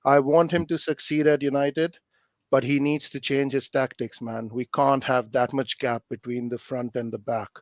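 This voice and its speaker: A man's voice: mid-range voice, little pitch movement, moderate pace, no room sound, dull audio. A man calling in to a fan show, passionate and chatty, ending phrases with "man". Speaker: caller. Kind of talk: casual call-in chat.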